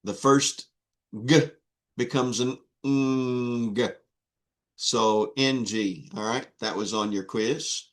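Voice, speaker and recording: Male instructor, unhurried and halting, drilling students on letters. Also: on the low side. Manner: slow, patient, with many fillers and restarts. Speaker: Greek instructor. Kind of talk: online class teaching.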